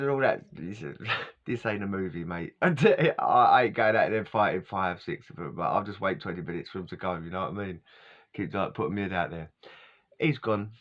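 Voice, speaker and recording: A man's voice: fairly low pitch, expressive, fairly quick, fairly bright tone. A man telling a story in a rambling, slangy way, often chuckling as he talks. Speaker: vlogger telling a life story. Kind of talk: casual storytelling monologue. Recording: dull lo-fi sound.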